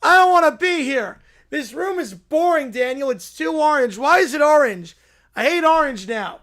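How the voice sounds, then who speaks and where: A performer voicing a bratty, demanding young child who whines and shouts complaints. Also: high-pitched, lively intonation, normal speed. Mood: whiny.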